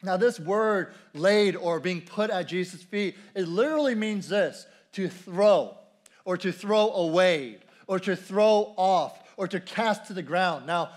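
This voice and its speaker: A man's voice: sits high, measured pace. A man preaching a sermon at a church service in a conversational way, repeating key phrases and asking the congregation questions. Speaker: pastor.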